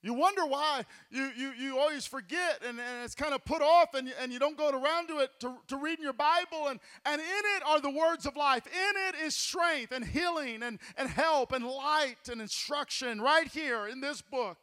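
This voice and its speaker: Fervent high-voiced male preacher. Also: moderate pace, hardly any pauses. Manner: fervent preaching that builds to shouting, with repeated words. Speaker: pastor. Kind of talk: sermon.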